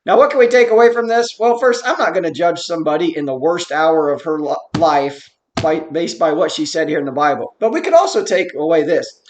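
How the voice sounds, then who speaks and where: A man teaching a Bible study in an earnest, explanatory way, reading verses slowly and then commenting on them. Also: fairly high pitch. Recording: roomy echo.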